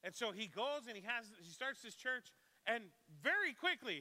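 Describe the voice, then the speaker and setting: A man's voice: very high voice, very animated, moderate pace, sharp tone, big-room sound. A man preaching a sermon in a church, talking conversationally and putting questions to the congregation. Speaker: pastor. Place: church sanctuary.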